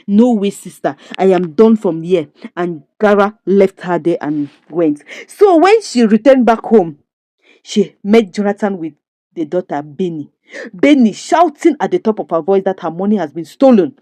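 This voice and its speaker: A woman who recaps a drama series in an expressive, indignant way, full of rhetorical questions. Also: medium pitch, dry recording. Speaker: series reviewer. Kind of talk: animated story recap.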